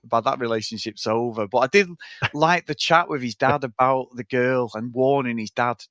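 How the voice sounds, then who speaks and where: Sweary animated man chatting about a film. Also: medium pitch, moderate pace, no echo. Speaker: podcast co-host. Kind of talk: casual film-review chat.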